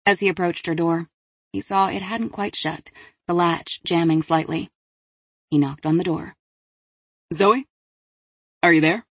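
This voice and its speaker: A woman reads an audiobook as scripted narration, measured and even, in a low, slightly husky voice. A close microphone keeps the sound dry with no echo.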